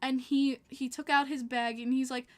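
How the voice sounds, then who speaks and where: A woman's voice: high voice, level tone, normal speed. A young woman with a Long Island accent, hosting a podcast and telling stories in casual chat, laughing often. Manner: bubbly storytelling, laughing often. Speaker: podcast host.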